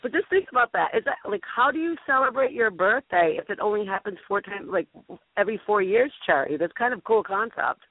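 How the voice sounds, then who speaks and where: A woman's voice: medium pitch, lively intonation, fast, dry recording. Bubbly, rambling female talk-show host; dry, narrow phone-line sound. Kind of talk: casual talk-radio chat.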